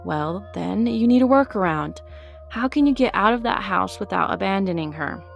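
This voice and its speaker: A woman voicing a calm, firm female guide who coaches others in a patient, direct way. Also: mid-range voice, moderate pace, creaky, soft background music.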